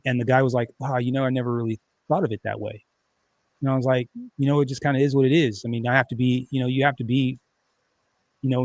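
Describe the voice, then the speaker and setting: A man hosting a casual livestream, rambling along in plain conversation. He doubles back and restarts his sentences often, at a middling pitch. The sound is close and dry, with little room around it. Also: no echo. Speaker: livestream host.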